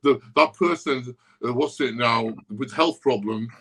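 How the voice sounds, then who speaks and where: A man telling gym stories on a podcast, swearing constantly and ranting in a loud, worked-up way. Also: medium pitch, a little slow, gravelly, rough recording. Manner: profane, ranting storyteller. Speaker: podcast guest. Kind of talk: casual podcast chat.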